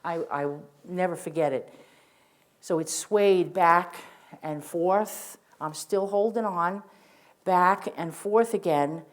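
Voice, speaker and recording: An older woman recounts her own experience as spoken testimony. Her voice sits a little low for a woman. She tells it earnestly and vividly and often restarts her sentences as she goes. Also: slow. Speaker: witness sharing testimony. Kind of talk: first-person spoken testimony.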